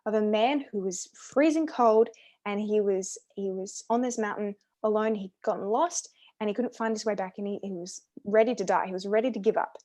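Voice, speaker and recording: A woman's voice: mid-range voice, normal speed, warm tone. Australian woman, earnest enthusiastic co-host, casual faith talk. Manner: earnest, enthusiastic, repeats words. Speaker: podcast co-host.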